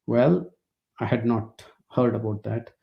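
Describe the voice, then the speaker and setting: A man's voice: medium pitch, unhurried, gravelly, lo-fi sound. A middle-aged man, telling anecdotes in a lecture with wry asides and frequent fillers. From India. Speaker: immunology lecturer. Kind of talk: storytelling webinar lecture.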